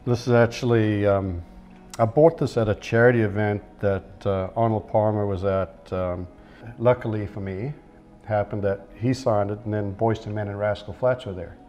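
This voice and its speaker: A man's voice: on the low side, fairly even intonation, moderate pace, a little mellow, soft background music. Easygoing middle-aged man telling stories. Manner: easygoing, self-deprecating anecdotes. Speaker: golf pro guest. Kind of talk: casual interview storytelling.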